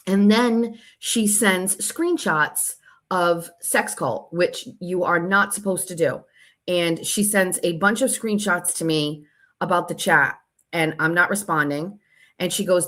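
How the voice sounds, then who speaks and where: This show host speaks in a lowish, fairly bright voice at an unhurried pace. She reads text messages aloud while telling a long story, sounding casual, sarcastic and profane.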